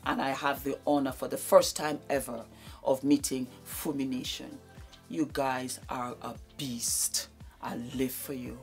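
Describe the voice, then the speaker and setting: A woman's voice: extremely low pitch, fairly even intonation, measured pace, faint music behind. A woman in her fifties giving an emotional speech, effusive and repeating her thanks over and over. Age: 50s. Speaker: beauty vlogger giving a thank-you speech.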